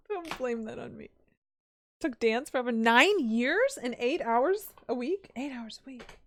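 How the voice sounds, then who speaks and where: A woman's voice: on the high side, expressive, a little slow. A woman streaming a video game and chatting casually with her viewers, giggly and teasing. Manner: chatty, giggly, answers chat. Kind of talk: casual live-stream chat.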